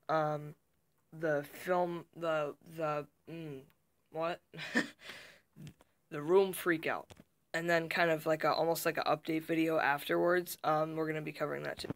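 A young man vlogging casually to camera from a small dark room, rambling with many fillers and restarts. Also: on the high side, flat delivery, moderate pace. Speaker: YouTuber. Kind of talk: casual behind-the-scenes vlog. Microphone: camera mic.

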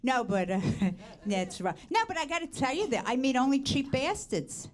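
A middle-aged woman from the Bronx with a New York accent performs a brash, self-mocking stand-up set on a comedy stage. Her sing-song voice moves at normal speed and swings up in pitch for the punchlines. The stage recording captures the audience laughing.

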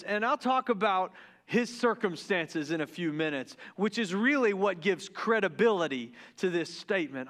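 Excitable pastor, high smooth voice. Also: male voice, normal speed. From Deep South of the US. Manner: joking, excitable, stumbles and restarts. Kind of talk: casual sermon. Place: church sanctuary.

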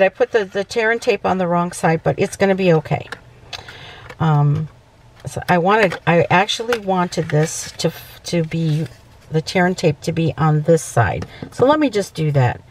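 A woman with a lowish voice hosts a casual papercraft tutorial, chatting away, correcting herself, and checking in often with "okay." A little hiss or hum sits in the recording.

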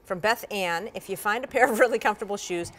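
A woman's voice: mid-range voice, quick pace, a bit bright. A woman co-hosting a TV morning show, leading segments with laid-back, joking asides. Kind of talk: casual news chat. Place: TV news studio.

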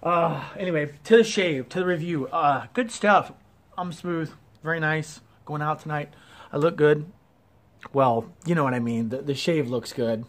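A man's voice: on the high side, moderate pace. A man with an Ohio accent, chatty and self-deprecating, doing a casual shaving review on his porch. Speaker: wet shaving YouTuber. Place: porch at home.

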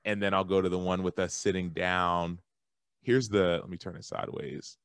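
A man from Texas, a guest on a podcast, telling a lively story in a casual, animated way that jumps high when he quotes himself. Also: normal speed, clear, resonant tone, dry recording. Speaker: guest, former football linebacker and author.

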